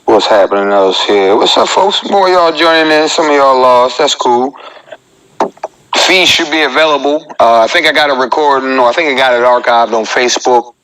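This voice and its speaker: A man's voice: medium pitch, normal speed, a bit bright, a little hiss or hum, low-quality recording. A man in his thirties, a comedian hosting his own live show and joking in a chatty way as he talks straight to his viewers. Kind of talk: casual live-stream comedy monologue.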